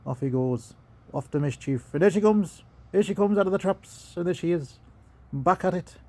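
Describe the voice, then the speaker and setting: A chatty, playful Irish fellow, as a man puts on the accent, rattling along with little repeated asides. His voice sits a touch high but stays mellow and soft-edged. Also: expressive, moderate pace. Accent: put-on Irish. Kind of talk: casual commentary over video.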